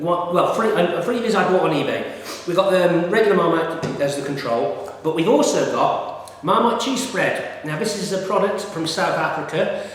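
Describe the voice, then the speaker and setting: A middle-aged man rambling casually with many fillers and restarts, reviewing food in a vlog. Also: a little high. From United Kingdom. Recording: echoey room with long reverb.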